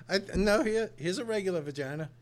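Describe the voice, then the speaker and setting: A man's voice: high voice, expressive, moderate pace, slight background noise. A man co-hosting a podcast who cracks crude jokes, laughs a lot, and slips into bits of song. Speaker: podcast co-host. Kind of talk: casual comedic banter.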